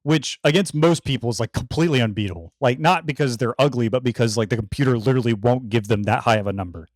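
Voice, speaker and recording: A man's voice: medium pitch, fast, no echo, studio quality. A young man co-hosting a podcast from his bedroom, telling stories casually with lots of swearing and laughter. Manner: storytelling, swears a lot, laughs often. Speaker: podcast co-host. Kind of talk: casual chat.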